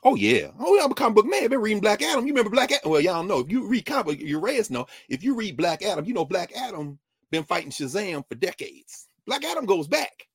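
A man talking in an animated, digressive way in a conversation, often jumping up and down in pitch. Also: husky, no room sound, clean studio sound. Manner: lively, digressive, quick shifts between high and low pitch. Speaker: guest.

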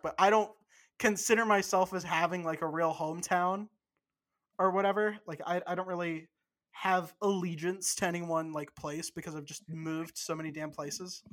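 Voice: medium pitch, a bit bright. A podcast co-host in casual chat, rambling and cursing freely.

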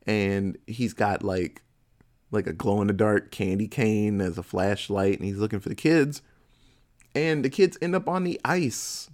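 A man casually recounting a film, swearing freely and laughing as he goes. His pitch swings widely and animatedly around a mid register, and he keeps a loose, conversational manner. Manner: profane, laughing, animated storytelling. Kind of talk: casual chat, retelling a movie plot.

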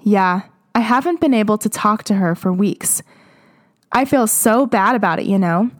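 A woman's voice: medium pitch, animated, normal speed, close to an everyday voice. A woman reading the lines of a homesick, gloomy young male pop star from a fan fiction.

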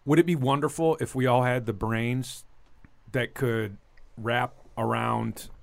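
A man's voice: mid-range voice, steady tone, a little slow, vocal fry, no room sound. A man, a comedian, chatting casually on a podcast in a rambling, profane, emphatic way. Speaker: comedian guest.

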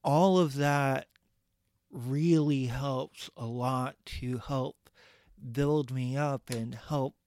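A man co-hosting a podcast, speaking softly and reflectively and often murmuring agreement. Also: mid-range voice, steady tone, very slow, a little hiss or hum. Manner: soft-spoken and reflective, with frequent agreeing murmurs. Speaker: podcast co-host. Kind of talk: casual podcast chat.

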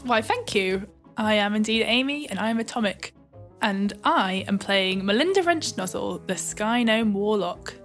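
A woman's voice: mid-range voice, expressive, moderate pace, soft background music. A woman introducing herself as a player on a tabletop podcast, playful and chipper. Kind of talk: casual podcast banter.

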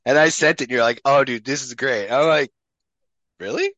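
A man spins a story in casual podcast chat, animated and packed with swearing. His voice sits in a middling range. The recording is dry, dull and lo-fi. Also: mid-range voice, brisk, no room sound. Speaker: podcast guest. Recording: dull lo-fi sound.

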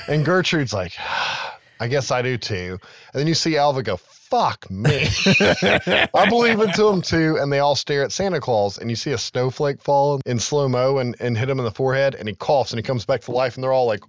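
A man's voice: medium pitch, no room sound, clean studio sound. Man animatedly retelling a movie. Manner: animated retelling, acting out film lines with laughs. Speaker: podcast co-host. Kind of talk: casual film recap chat.

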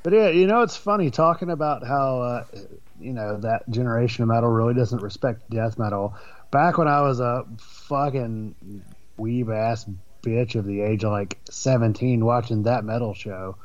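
A man's voice: mid-range voice, normal speed, lo-fi sound. A man co-hosting a podcast, wry and joking, laughing often. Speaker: podcast co-host. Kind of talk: casual chat.

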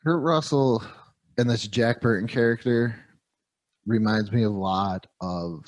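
A man's voice: medium pitch, measured pace, dry recording. A man hosting a casual movie review podcast, rambling enthusiastically about action heroes. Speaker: podcast host.

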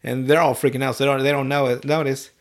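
Man, podcast host, casual recap, profane, animated, mid-pitched voice. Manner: profane, animated retelling with quick voiced asides. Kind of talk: casual chat, recapping an anime.

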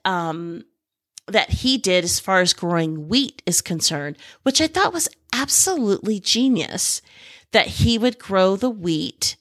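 A middle-aged woman hosting a homestead podcast, talking excitedly and rambling, with lots of restarts. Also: fairly low pitch, no room sound, studio quality. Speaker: podcast host. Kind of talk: casual podcast talk.

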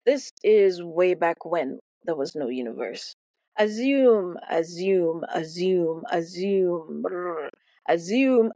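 A woman's voice: mid-range voice, darkish tone, no echo. A woman teaching a Bible lesson as playful, theatrical storytelling, often repeating words for effect.

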